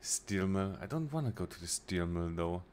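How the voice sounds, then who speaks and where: A young man with a very low, deep voice talks his way through a train game on stream. He mutters his plans half to himself, restarting phrases as he goes. A faint hum of background ambience sits under the voice. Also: expressive, moderate pace, darkish tone. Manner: muttering to himself while planning, with short restarts. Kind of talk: casual let's-play commentary.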